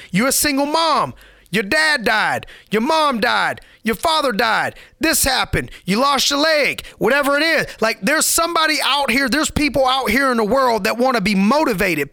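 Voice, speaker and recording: A man's voice: extremely high pitch, very animated, normal speed, creaky, sharp tone, dry recording, clean studio sound. A man giving a motivational podcast monologue, preachy and emphatic, repeating lines for effect in casual street slang.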